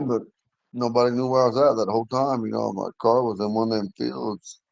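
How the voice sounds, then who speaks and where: A man in his forties, slightly hoarse, telling a long personal story in a casual, rambling way, often restarting and clearing his throat. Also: mid-range voice, normal speed, darkish tone, no room sound, muffled recording. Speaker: language class member telling a story.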